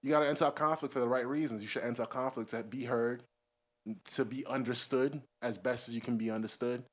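A man's voice: medium pitch, steady tone, quick pace. A man co-hosting a podcast in loose, slangy casual chat, laughing often. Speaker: podcast co-host.

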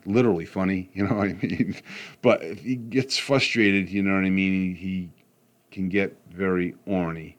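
A middle-aged man giving a casual motivational talk, rambling through stories with frequent asides and slowing down to stress his points. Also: sits low. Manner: rambling, with frequent "you know what I mean" asides.

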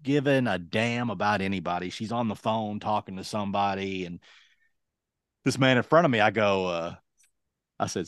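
A young man and podcast co-host telling a casual, lively anecdote, acting out other people's lines as he goes. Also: on the low side, normal speed, no room sound, studio quality. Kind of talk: casual storytelling.

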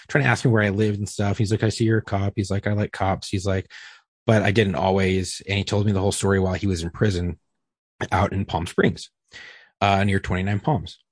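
A man with a husky, fairly low voice tells a long story on a podcast. He swears freely and talks with lively energy. The recording is dry and close. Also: no room sound. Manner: profane, animated storyteller. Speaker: podcast guest telling a story. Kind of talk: casual storytelling.

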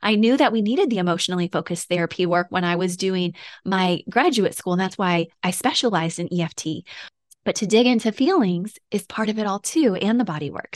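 A woman's voice: medium pitch, dry recording, studio quality. A woman in her thirties hosting her own podcast, talking casually and earnestly about her new book, with little laughs and asides. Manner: chatty, earnest, laughs and gets a little emotional. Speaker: podcast host and author. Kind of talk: casual solo podcast talk.

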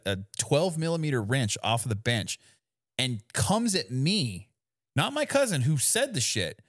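Man, podcast co-host; mid-pitched, relaxed, laughs easily, swears, dry close sound. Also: no room sound. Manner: laid-back, laughing, swearing storyteller. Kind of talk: casual chat.

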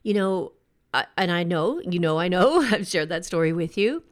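A woman hosting a show, giving an earnest, reflective motivational talk in a conversational way, slowing down to stress key words. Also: lowish voice, lively intonation. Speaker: podcast host.

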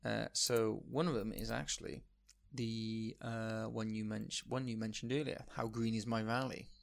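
A man's voice: on the low side, steady tone, normal speed, vocal fry. A man co-hosting a podcast, explaining things casually and recalling facts aloud as he goes. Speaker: podcast co-host. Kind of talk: casual film discussion.

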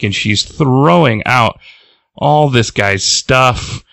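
A man's voice: medium pitch, takes it slowly, gravelly, a bit bright, dry recording. A man hosting a comics podcast, casually retelling a comic and rambling through restarts. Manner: rambling, acts out characters. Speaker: podcast host.

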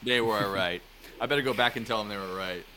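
A man's voice: fairly low pitch, a little fast, noisy background. A man hosting a podcast, joking in casual comedy chat and swearing freely. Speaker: podcast host.

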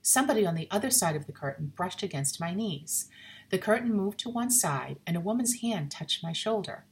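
Expressive woman reading a ghost story. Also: lowish voice, fairly quick. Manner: expressive, suspenseful. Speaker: narrator.

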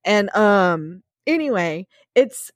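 A woman talks through a book in a casual co-host chat, emotional and gushing, often calling her listeners y'all. Her voice sits at an ordinary pitch for a woman. The sound is close and dry, with no room around it. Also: lively intonation, slow pace, dry recording. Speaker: podcast co-host.

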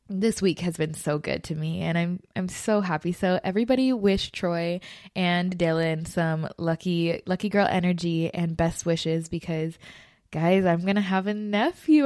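A young woman hosts a casual solo podcast on a close mic, her voice sitting a little low for a woman. She talks in a gushing, animated way, full of fillers and restarts. The sound is dry, with no room around it. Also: measured pace, dry recording. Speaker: podcast host.

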